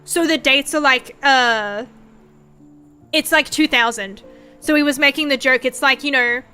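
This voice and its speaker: A woman's voice: high-pitched, unhurried, smooth, faint music behind. A young woman streaming, chatting casually and swearing a lot as she rambles through stories. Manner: sweary, rambling, animated storytelling. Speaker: vtuber streamer.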